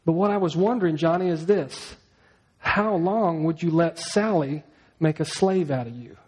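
A pastor voicing a gentle, forgiving grandmother in a sermon story, speaking slowly. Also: fairly high pitch, slightly rough, rough recording.

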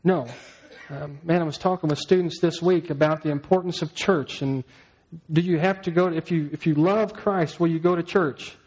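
A man's voice: a little high, fairly even intonation, normal speed, darkish tone, breathy edge, rough recording. A man preaching a sermon in a conversational way, often asking the listeners rhetorical questions. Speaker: pastor.

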